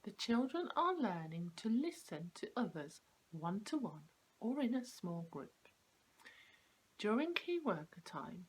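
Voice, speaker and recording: A woman, a preschool teacher explaining classroom activities to parents, clear and slow, stressing the sounds of words. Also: on the low side, very animated, a little hiss or hum, rough recording.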